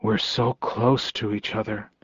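Man voicing a soft-spoken young werewolf alpha, hushed, slow, dry close recording, a bit muffled. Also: lowish voice, level tone, breathy edge, dry recording.

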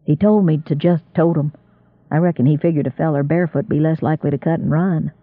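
A man's voice: on the high side, fairly even intonation, fast, no echo, narrow, tinny audio, close to an everyday voice. A man reading an audiobook and voicing a meek, weary young drifter.

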